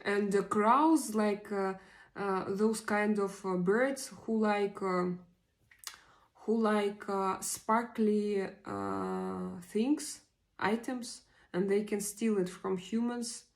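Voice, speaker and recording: A woman's voice: medium pitch, fairly even intonation, vocal fry. A woman, hosting a casual live stream and reading out viewer comments while she hunts for English words. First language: Russian. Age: 40s. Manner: halting, searching for words with many pauses. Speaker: livestream host.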